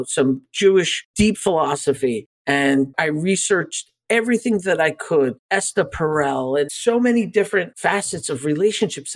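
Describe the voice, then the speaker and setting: With a mid-range voice, a man in his forties who works as a life coach relates a personal story candidly and earnestly as a podcast guest, becoming animated whenever he replays conversations.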